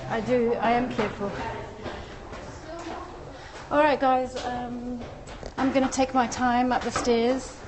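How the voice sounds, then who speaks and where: A woman hosts a live stream on her phone, reading out and answering viewer comments as she walks and climbs. Her voice sits a touch high. Clear background noise runs under the whole recording. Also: fairly even intonation, slow pace, pauses often. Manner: chatty, reads and answers viewer comments while walking. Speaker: livestream host. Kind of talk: casual live-stream chat. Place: outdoors then climbing a stone stairwell. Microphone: phone held in hand. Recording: noisy street and stairwell sound.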